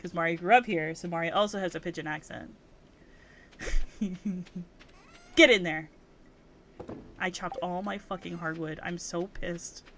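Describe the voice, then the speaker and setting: A woman's voice: on the low side, unhurried, long pauses, fairly bright tone, a little hiss or hum. A young woman from Hawaii chatting casually on a game livestream, cursing freely and getting worked up as she rants. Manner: profane, rants and gets worked up. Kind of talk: casual gaming stream chat.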